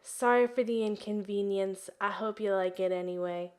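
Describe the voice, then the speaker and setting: A woman's voice: medium pitch, steady tone, normal speed. A young woman hosting a let's play, narrating her life-sim game casually with lots of "um" and "like". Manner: chatty, many fillers and "like".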